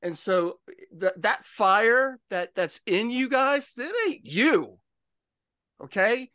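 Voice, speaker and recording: A man's voice: high-pitched, lively intonation, takes it slowly, pushed and bright, no echo, studio quality. A man preaching in conversation, emphatic and exhorting, with frequent "listen" and "okay".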